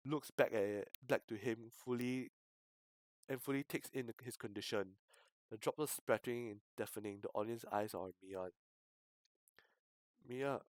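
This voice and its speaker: A male streamer reading a visual novel aloud, breaking off into loud outbursts and swearing. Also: medium pitch, dry recording. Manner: reads text with sudden loud outbursts and swearing.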